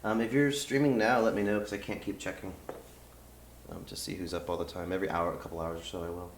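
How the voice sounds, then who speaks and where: A man's voice: sits low, fairly even intonation, quick pace, slight background noise. A man streaming a game live, chatting casually and rambling with lots of fillers, on a desk mic. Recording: roomy room with game music.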